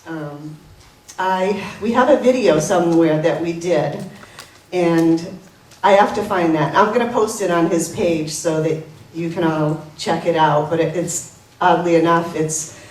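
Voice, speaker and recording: Woman, slightly low, halting eulogy with fillers, heard from a distance in a roomy space. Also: darkish tone. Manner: halting, many fillers, laughs through stories. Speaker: memorial speaker. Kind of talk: informal eulogy with anecdotes. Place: coffee house gathering. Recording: roomy, distant, live audience.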